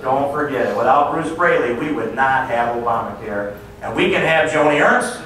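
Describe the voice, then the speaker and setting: A man's voice: mid-range voice, lively intonation, moderate pace, fairly bright tone. A man giving a political speech, telling folksy, mocking stories to a crowd. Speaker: political speaker. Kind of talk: stump speech. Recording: echoey hall from far off with faint noise.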